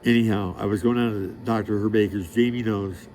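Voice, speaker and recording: Speaking fairly quickly in a fairly low, slightly mellow voice with a steady tone, a middle-aged man delivers a rambling monologue to the camera. He's profane, streetwise, and bragging, and keeps losing the thread of what he's saying. Slight background noise is audible.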